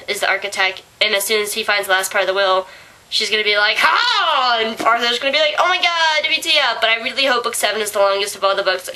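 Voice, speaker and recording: Young woman vlogger, bright and sharp, hoarse, rambling and excitable. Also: fairly high pitch, poor audio. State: hoarse from illness. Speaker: book reviewer. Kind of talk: casual vlog review.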